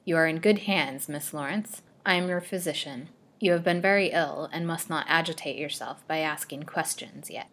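A woman's voice: deep voice, normal speed, few pauses, fairly bright tone. A woman voicing a stern, commanding male doctor. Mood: calm. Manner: harsh threatening tone toward the old woman.

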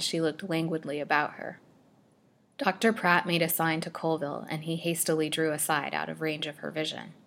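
A woman narrating a serialized gothic storybook with a dramatic, expressive reading. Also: low-pitched.

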